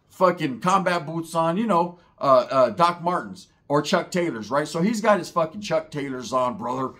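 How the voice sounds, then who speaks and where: A man spins a comic story with profane, slang-heavy rambling. His voice sits a little high for a man, loose and conversational. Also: a bit bright. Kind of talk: comedic storytelling.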